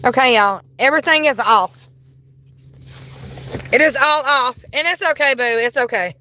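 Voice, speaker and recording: A woman livestreaming a ghost investigation from her car on a phone, politely addressing spirits and bursting into excitement. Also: high voice, normal speed, a little hiss or hum, low-quality recording. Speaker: paranormal livestreamer. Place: inside a car.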